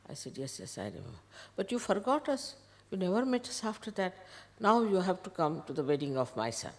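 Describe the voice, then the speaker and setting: An older woman with an Indian accent, a spiritual teacher telling a story to followers and acting out each person's lines. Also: sits low. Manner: animated retelling, quoting others in dialogue. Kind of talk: storytelling talk. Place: ashram hall.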